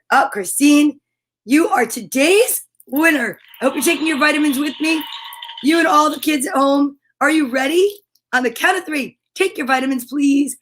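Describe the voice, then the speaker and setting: A woman's voice: high-pitched, a bit bright. A woman hosting a storytime livestream for children, bubbly and sing-song, chatting to viewers and reading their comments aloud.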